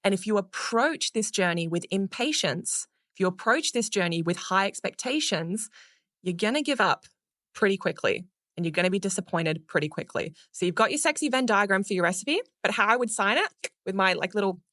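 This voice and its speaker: An Australian woman, a public speaking coach, giving energetic, playful advice in a podcast interview and casually swearing now and then. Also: mid-range voice, fairly quick, no echo.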